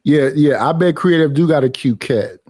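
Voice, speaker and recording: A man's voice: fairly high pitch, moderate pace, a little mellow, slightly rough. A man in a casual group chat, joking and talking over others, repeating his words. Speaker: chat guest.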